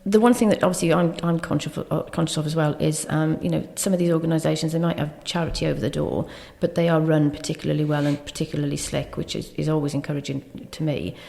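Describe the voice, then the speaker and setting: A woman with a Welsh accent, a county official being interviewed on a podcast, talking earnestly and gratefully with many quick restarts. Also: deep voice, fairly even intonation, vocal fry, warm tone, in a large hall. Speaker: county High Sheriff, guest. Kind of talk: casual interview. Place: small podcast studio.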